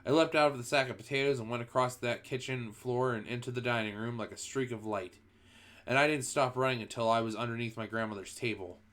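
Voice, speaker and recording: Reading quickly in a steady, mid-range voice with a bit of brightness, a streamer performs a first-person children's book aloud. He's expressive but frequently goes back to start a phrase over.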